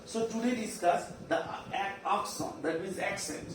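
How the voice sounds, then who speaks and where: A man with an Indian English accent teaching a virtual class, drilling terms slowly and repeating them. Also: high-pitched. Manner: slow, repetitive drilling of terms. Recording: echoey room, far from mic, faint hiss.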